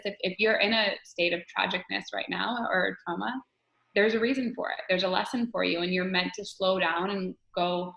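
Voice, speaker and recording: Bright animated woman coach. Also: on the low side, moderate pace, vocal fry, reverberant, poor audio. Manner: animated, spiritual, repeats herself. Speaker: guest coach. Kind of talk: conversational interview answers.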